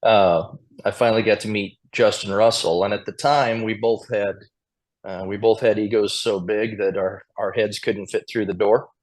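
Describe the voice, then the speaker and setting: A man's voice: on the low side, steady tone, moderate pace. A man from Montana, a square dance caller, telling chatty anecdotes as a podcast guest and chuckling now and then. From Montana, USA. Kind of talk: casual storytelling interview.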